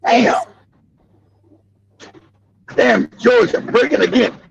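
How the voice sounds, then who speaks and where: A man hosting a live stream, ranting loudly and animatedly with profanity. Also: extremely high pitch, takes it slowly, creaky, slightly rough, highs cut off. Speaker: stream host.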